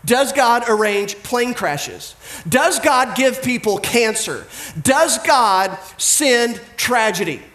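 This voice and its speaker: A pastor delivers a sermon in a relaxed, conversational way, breaking into quick impressions of the people in his stories. His voice sits fairly high for a man. His tone stays humorous and direct. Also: reverberant.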